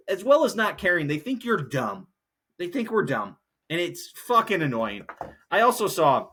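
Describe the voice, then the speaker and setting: A man's voice: medium pitch, fairly bright tone. A young man hosting a solo podcast, ranting in a heated, profane, rambling way. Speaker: podcast host.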